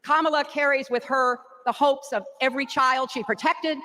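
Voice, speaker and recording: A woman's voice: high-pitched, fairly even intonation, normal speed, sharp tone. An older woman giving a rousing convention speech in rhythmic oratory, played from a broadcast. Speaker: political speaker.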